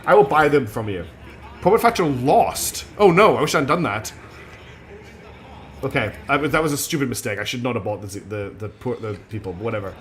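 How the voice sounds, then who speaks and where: A man's voice: lowish voice, a little fast, a bit bright, a little hiss or hum. A man streaming a game, chatting casually in a rambling, self-deprecating way. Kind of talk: casual gaming commentary.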